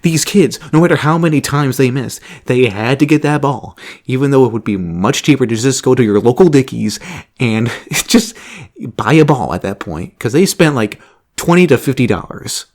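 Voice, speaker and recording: A young man casually telling a story about a job, animated, laughing often and swearing freely. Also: medium pitch, moderate pace. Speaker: vlogger.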